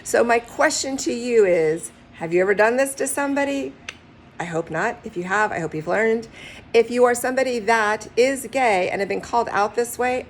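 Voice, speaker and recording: Candid woman matchmaker, slightly gravelly. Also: medium pitch, a little hiss or hum. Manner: candid, direct, animated storytelling with acted quotes. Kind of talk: direct-to-camera advice vlog.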